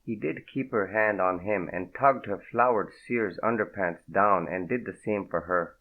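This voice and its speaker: Thin, narrow sound, like a phone call, carries a male audiobook narrator's fairly low voice. He reads steadily and without rushing.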